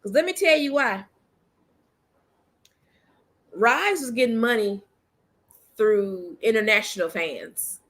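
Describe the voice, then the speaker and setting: Woman host, casual commentary rant; bright, edgy tone, a touch high, blunt and slangy, hammers points home. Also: expressive, slow, pauses often.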